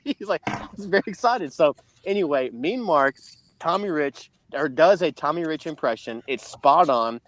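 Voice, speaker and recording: A man's voice: on the high side, animated, moderate pace, a bit bright. A man co-hosting a podcast, telling a long story in a casual, rambling way. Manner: rambling storyteller, many restarts. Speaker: podcast co-host.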